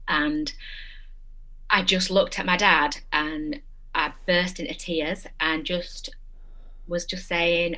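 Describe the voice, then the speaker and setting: Woman guest, slightly low voice, animated storyteller in a casual interview. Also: slow. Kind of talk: casual chat.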